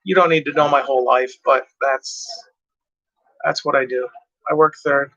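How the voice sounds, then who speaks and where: Tired man with a bright voice. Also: medium pitch, steady tone, moderate pace, lo-fi sound. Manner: rambling, reads out track lists. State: tired, yawning. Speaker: music collector reviewing cassette tapes. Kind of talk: casual rambling monologue.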